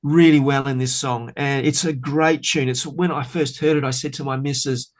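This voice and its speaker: Middle-aged man, bass-player guest, chatty and enthusiastic, loose rambling delivery. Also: steady tone, normal speed. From Australia. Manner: enthusiastic, rambling, many fillers. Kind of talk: casual podcast interview.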